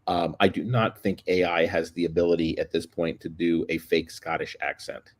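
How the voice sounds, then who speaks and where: A man's voice: deep voice, level tone, normal speed. A man appearing as a guest on a live panel, joking in a wry way. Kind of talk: casual live panel chat.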